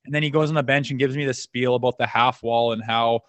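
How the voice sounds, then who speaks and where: A man's voice: mid-range voice, quick pace, no echo. Profane storytelling man, dry sound. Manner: profane, animated anecdotes acting out quoted dialogue. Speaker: podcast guest, former hockey enforcer. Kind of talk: casual storytelling chat.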